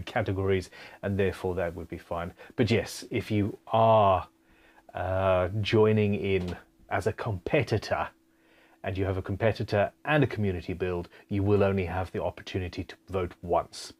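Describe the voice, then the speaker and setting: A man's voice: deep voice, fairly even intonation, normal speed, darkish tone. A man hosting a casual live stream Q&A from his home studio. He reads viewer comments aloud in a chatty, self-deprecating way. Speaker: live stream host and guitar builder.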